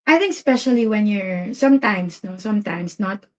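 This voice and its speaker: A woman with a Filipino accent co-hosts a live Q&A stream in casual chat. She speaks thoughtfully at a middle pitch and sometimes searches for words, and her voice comes through dull, lo-fi stream audio. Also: normal speed, darkish tone. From Philippines.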